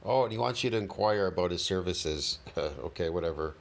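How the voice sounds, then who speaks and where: A man's voice: sits low, lively intonation, brisk. A man reacting to a video in casual commentary, with mocking, sarcastic asides. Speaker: reaction youtuber.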